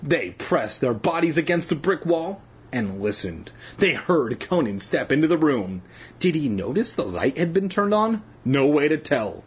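Husky man reading a story with crude asides. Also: a little high, sing-song, unhurried. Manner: irreverent, crude jokey asides. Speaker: reader. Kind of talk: comedic storybook read-aloud.

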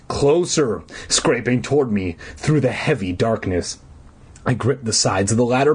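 A man's voice: mid-range voice, lively intonation, a little slow, breathy edge. A man reading a horror book aloud for laughs, breaking off into snarky, profane asides. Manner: snarky asides, swearing, mock drama. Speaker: comedic reader.

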